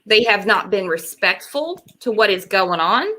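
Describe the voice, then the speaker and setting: Brief: woman host, mid-pitched, blunt, hammers points by repeating. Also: lively intonation, a little slow, bright, forceful tone. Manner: blunt, emphatic, repeats herself. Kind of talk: casual chat.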